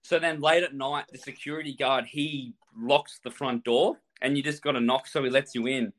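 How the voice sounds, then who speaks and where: A man casually telling a wild travel story, animated and swearing a lot, laughing as he goes. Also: medium pitch, moderate pace.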